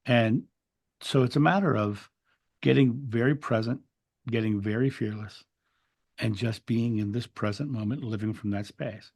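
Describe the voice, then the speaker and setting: A man's voice: on the low side, moderate pace, darkish tone. A man telling a spiritual story in an interview, earnest and reflective, often restarting his words. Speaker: interview guest.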